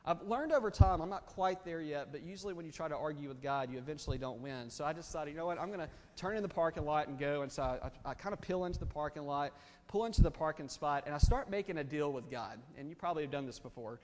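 A man tells a story from the pulpit, candid and ready to laugh at himself. His voice sits fairly high for a man. The long reverb of a large hall trails after his words. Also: fast talker. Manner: candid, self-deprecating, conversational. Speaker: preacher. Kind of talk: storytelling sermon. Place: church or auditorium.

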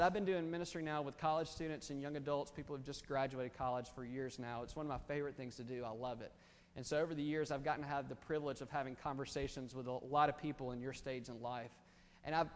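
A man tells a story from the pulpit, candid and ready to laugh at himself. His voice sits fairly high for a man. The long reverb of a large hall trails after his words. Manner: candid, self-deprecating, conversational. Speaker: preacher. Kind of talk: storytelling sermon. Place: church or auditorium.

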